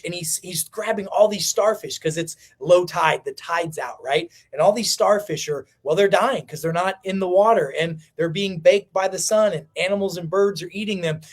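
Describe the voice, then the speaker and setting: Male livestream host, higher register, impassioned and preachy, repetition for emphasis. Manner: fiery, preachy, repeats lines for emphasis.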